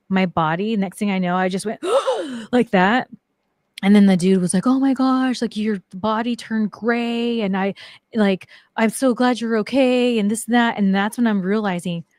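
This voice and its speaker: In a casual storytelling interview on a talk show, a middle-aged woman chats away about her own life, sprinkling in lots of "like." She has a mid-range voice with a darkish tone, recorded without echo.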